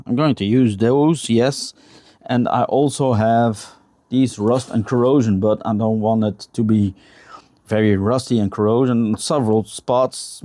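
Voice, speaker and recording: A man with a fairly low voice chats casually through a walkthrough of his hobby project. He talks in a halting way, often stopping to search for the right words. He sounds like he is recording in a home workshop. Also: mellow. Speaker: hobby builder showing a model truck project. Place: home workshop with a spray booth.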